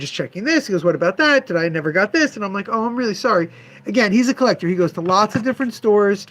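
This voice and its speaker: A man who owns a comic shop, telling a long story to his regular viewers in a casual, animated way and acting out what his customer said. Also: high voice. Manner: animated, acts out customer dialogue.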